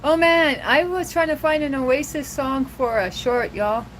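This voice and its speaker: A young woman with a high, bright voice hosts a laid-back livestream, talking to viewers at an unhurried pace. She laughs often and keeps the chat loose. A faint hum of noise sits behind her. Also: expressive, rough recording. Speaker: livestream host.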